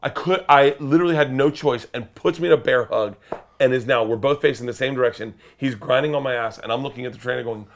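A man telling a wild story as a guest, laughing and acting out quotes with sudden shouts. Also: medium pitch, fast talker. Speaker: comedian guest. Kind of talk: animated storytelling.

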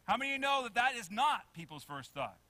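Bright, high-pitched animated preacher man. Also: fast, no room sound. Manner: animated preaching, acts out quotes, asks the congregation questions. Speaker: pastor. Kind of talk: sermon. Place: church sanctuary.

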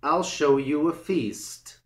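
A man's voice: fairly high pitch, lively intonation, slow. A man reading a storybook and voicing a boastful, scornful young male town mouse. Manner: scornful, show-off. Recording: roomy echo.

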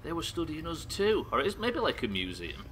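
A man from the UK streaming a game live, swearing often and reacting loudly between muttered asides. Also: a little high, wildly swooping pitch, fairly quick, slight background noise. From United Kingdom. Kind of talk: live gameplay commentary.

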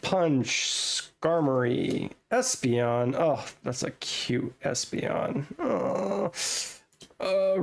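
A man casually chatting and thinking aloud as he opens trading card packs at a home desk setup, getting excitable over his pulls. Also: fairly high pitch, gravelly. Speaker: card-opening vlogger. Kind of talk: casual unboxing chat.

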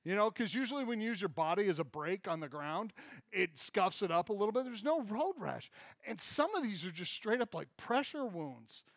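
A man preaching a sermon as pastor, telling a funny story from childhood with lively acted-out quotes. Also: high voice, a little fast, no room sound, clean studio sound. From Michigan. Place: church.

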